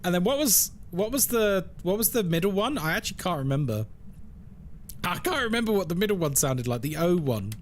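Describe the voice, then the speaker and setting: Playful man streaming with lively pitch. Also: a little fast, slight background noise. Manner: playful, joking, laughs often. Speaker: horror game streamer. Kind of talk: casual live-stream chat.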